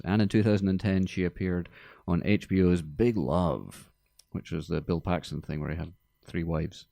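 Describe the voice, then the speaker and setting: A man hosting a casual movie podcast in a studio, talking in a dry, deadpan joking way. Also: low-pitched, gravelly, dry recording. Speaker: podcast host.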